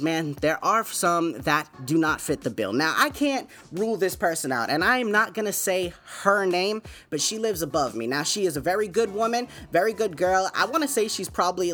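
A man's voice: high-pitched, a bit bright. A man hosting his own podcast, telling a story in a laid-back, chatty way, full of fillers and asides. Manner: laid-back, chatty, many fillers like "man" and "you know what I'm saying". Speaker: podcast host. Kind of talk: casual storytelling monologue. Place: home.

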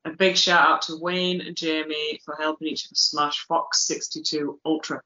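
A podcast co-host reading out a list of listener shout-outs in a steady, plain way. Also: mid-range voice, moderate pace, reverberant, lo-fi sound.

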